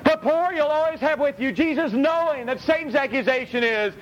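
A male pastor preaching a sermon, blunt and animated, swinging between high and low. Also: fairly quick, few pauses. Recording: dull lo-fi with faint rumble.

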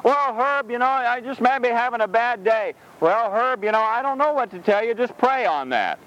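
A man's voice: sits high, sing-song, normal speed, a bit bright, muffled recording. A man mimicking meek religious teachers who hesitantly placate a troubled man. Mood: mocking.

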